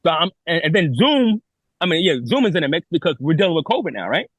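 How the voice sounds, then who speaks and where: A man tells his story fast, his fairly high voice leaping up and down as he acts out other people's lines. He often restarts and repeats words. The sound is close and dry, with no room in it. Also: big pitch swings, fairly bright tone, husky, no room sound. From New York. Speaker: guest telling his story. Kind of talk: animated storytelling on a podcast.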